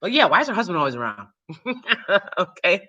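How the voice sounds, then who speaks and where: A woman YouTuber and actor chatting casually to her viewers, animated and swearing freely, breaking into loud shrieks and laughs. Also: lowish voice, fairly quick, lo-fi sound. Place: New York City.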